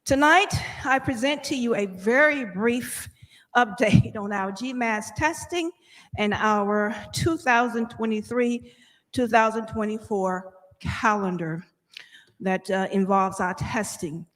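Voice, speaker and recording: A woman's voice: on the high side, slow, fairly bright tone. A woman school district administrator giving an orderly, formal presentation to a school board. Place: large boardroom. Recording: boardroom with long reverb.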